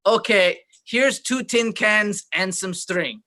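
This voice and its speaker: A man's voice: high-pitched, slow pace, bright, forceful tone, full character voice. A man playing a rude, sarcastic shop clerk at a returns counter, in an improvised comedy scene over a video call. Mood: snide. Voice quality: insulting, sarcastic delivery.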